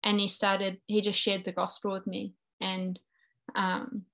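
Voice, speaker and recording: A woman's voice: medium pitch, completely flat delivery, measured pace, sharp tone. A woman in her thirties from New Zealand, with a New Zealand accent, earnestly sharing her personal faith story as an interview guest. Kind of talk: personal faith testimony in conversation.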